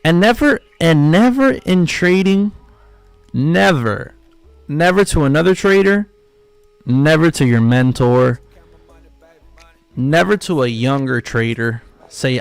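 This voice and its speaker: A man with a gravelly, somewhat high voice hosts a live trading stream. He rants emphatically and profanely and hammers his points through repetition. Faint music plays behind him. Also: lively intonation, slow pace, pauses often, dry recording. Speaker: livestream trading host. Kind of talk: casual livestream rant.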